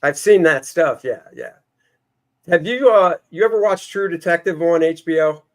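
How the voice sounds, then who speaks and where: A man's voice: a little high, lively intonation, normal speed. Easygoing middle-aged male host. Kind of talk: casual chat.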